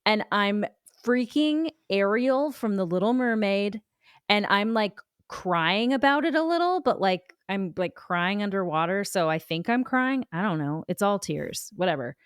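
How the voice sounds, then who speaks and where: A woman in her forties co-hosts a podcast, telling a self-mocking story that rambles along with plenty of "like"s. Her voice is smooth and resonant. The recording is dry and close. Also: medium pitch, expressive, a little slow, no echo. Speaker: podcast co-host. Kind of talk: casual chat.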